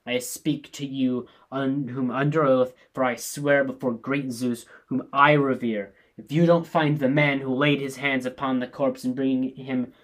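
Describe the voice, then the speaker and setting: A man's voice: medium pitch, fairly even intonation, measured pace, hardly any pauses, close to an everyday voice. A man reading the part of an angry, blustering king in a play, speaking in a commanding, raised voice. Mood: wrathful.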